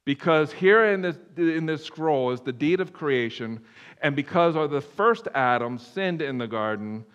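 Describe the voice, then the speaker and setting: A male pastor preaching a sermon in a church room. His voice sits a little higher than most men's, and he swings between loud, emphatic bursts and hushed, low passages, often restarting his sentences. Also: expressive, unhurried, clear, resonant tone, muffled recording.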